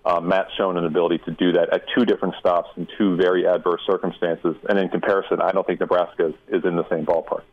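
A man with a deep voice talks through a phone connection that sounds thin and boxy. He breaks down college football questions carefully, stressing his key points. It is the tone of a seasoned insider on call-in radio. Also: level tone. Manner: measured, emphatic analysis. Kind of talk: radio interview answers. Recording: tinny phone line.

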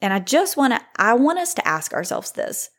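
A woman's voice: on the high side, big pitch swings, moderate pace, fairly bright tone. A woman in her thirties hosting a faith-based podcast, talking in a candid, reflective way with frequent "like" fillers. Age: 30s. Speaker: podcast host.

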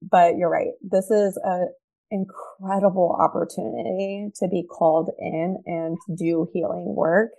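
A woman's voice: on the low side, steady tone, a little slow, creaky, dark tone. A woman in her thirties, a therapist and podcast guest, speaking earnestly and emphatically and repeating her key points. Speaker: guest, behavioral health therapist. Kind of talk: conversational podcast interview.

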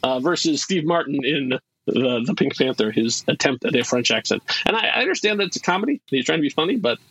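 Lively husky-voiced man chatting. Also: fairly high pitch, quick pace, dry recording, highs cut off. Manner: animated, laughs often, restarts sentences. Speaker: podcast co-host. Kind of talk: casual chat.

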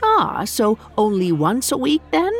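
A woman voicing a weathered, sarcastic innkeeper of a certain age in an audio story, talking in a deadpan, teasing way. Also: mid-range voice, slow, vocal fry, faint music behind, pitched above the performer's own voice, heavily acted. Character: weathered middle-aged female innkeeper, dry and sarcastic.

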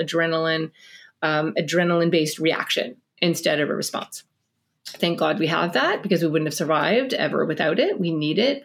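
A middle-aged woman, a parenting expert guest on a podcast interview, explaining in an energetic, animated way and acting out little scenes between parents and children. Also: fairly low pitch.

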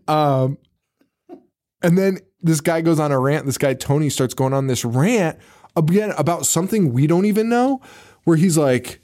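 Male podcast co-host, casual recap, animated pitch, laughs through lines, does quick character voices. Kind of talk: casual movie recap chat.

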